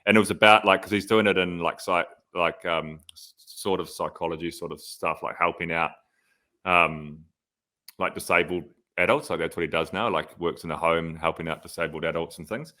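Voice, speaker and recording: A man's voice: low-pitched, steady tone, moderate pace, sharp tone. A man, a podcast co-host and former pro cyclist, telling stories in casual chat, full of "like" fillers. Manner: storytelling, lots of "like" fillers.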